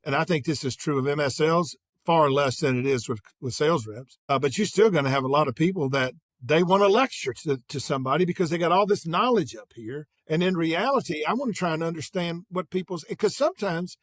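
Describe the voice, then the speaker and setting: An older man in an interview, telling energetic anecdotes and acting out quoted dialogue. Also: fairly high pitch, fairly quick, few pauses, no room sound. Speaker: guest, sales executive. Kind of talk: conversational interview storytelling.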